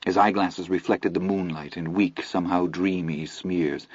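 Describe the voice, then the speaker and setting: A man reading a first-person story aloud in a measured, low-key way. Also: fairly even intonation, darkish tone, breathy edge, dry recording. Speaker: audiobook narrator. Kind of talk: scripted first-person narration. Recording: dull lo-fi audio, dry.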